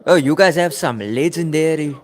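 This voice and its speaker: A man's voice: a little high, moderate pace. A young South African man hosting a football watchalong livestream, chatting casually and calling out viewers by name. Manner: chatty, addresses viewers by name, repeats phrases. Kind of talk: casual livestream chat reading chat messages.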